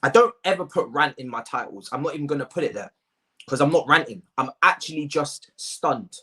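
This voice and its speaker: A man's voice: fairly high pitch, lively intonation, fairly quick, pushed and bright. A man hosts a football fan channel and reviews a match to camera. He sounds exasperated, repeats phrases for emphasis and talks in slang, close to the mic.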